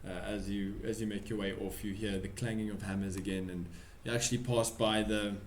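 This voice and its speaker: A man narrating a tabletop game as game master, halting with many fillers. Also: on the low side, flat delivery, roomy sound, slight background noise.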